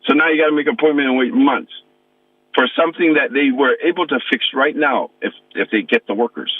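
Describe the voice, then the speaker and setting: A man's voice: medium pitch, brisk, husky. A man in his sixties from American Samoa, calling in to a radio show as a pastor and veteran and complaining emphatically. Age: 60s. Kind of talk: phone-in call to a radio show. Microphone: telephone. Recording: tinny phone line, dry.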